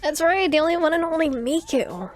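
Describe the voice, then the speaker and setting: A woman streamer voicing an excitable, lovestruck young man from a game, frantic and whiny. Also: high voice, fairly quick, faint music behind, pitched above the performer's own voice. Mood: panicked.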